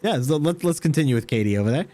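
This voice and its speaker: A man's voice: a little high, animated, racing, background noise. A man hosting a tabletop game as game master, chatting with his players after the session and laughing often. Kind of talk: post-session chat with players.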